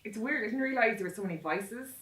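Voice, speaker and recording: A chatty woman co-hosting a film review and leading the talk with questions. Her voice is bright and clear but sits well back from the mic. The room around her sounds roomy and echoing. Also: a little high, expressive, quick pace, recorded from a distance. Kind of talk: casual film review chat.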